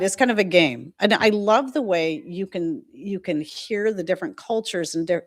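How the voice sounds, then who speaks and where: A middle-aged woman chatting casually on her livestream, rambling from one story to the next and reading out viewer comments. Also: medium pitch. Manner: chatty, rambling, reads chat comments aloud. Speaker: livestream host.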